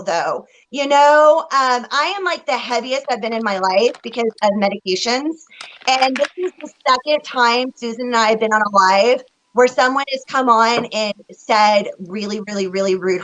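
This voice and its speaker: A woman's voice: a little high, a bit bright, low-quality recording. A woman co-hosting a psychic reading livestream, talking emotionally and directly to the chat viewers. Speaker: psychic reader and co-host.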